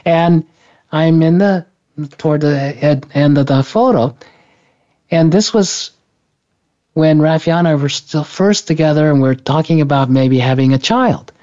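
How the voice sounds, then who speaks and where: A man's voice: fairly high pitch, fairly even intonation, unhurried, a little mellow. A man telling a personal story in an interview, rambling with many restarts and self-corrections. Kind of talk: conversational storytelling. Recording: dull lo-fi recording.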